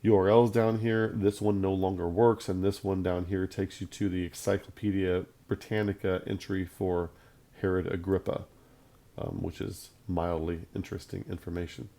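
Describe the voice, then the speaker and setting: A man's voice: deep voice, level tone, moderate pace, creaky, dark tone. A man teaching a Bible lesson on video in an emphatic, conversational way, often repeating his points for stress.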